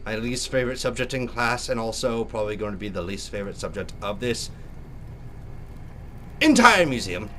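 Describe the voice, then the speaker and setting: A man's voice: lowish voice, expressive, normal speed, bright, forceful tone, a little hiss or hum. A young man with a sore throat giving jokey, theatrical let's play commentary as a gaming YouTuber.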